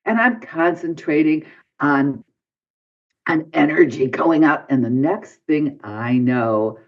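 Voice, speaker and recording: This fairly high-pitched man speaks slowly as a podcast guest, recounting a personal story and performing his own past lines with big vocal swings. The podcast audio is dull and lo-fi.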